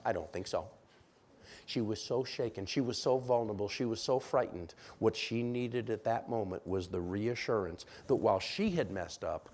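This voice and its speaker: A man preaching a sermon in a church, telling a story with lively acted-out quotes and questions to the congregation. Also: fairly low pitch. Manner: animated storyteller, acts out quoted voices, asks congregation. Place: church sanctuary.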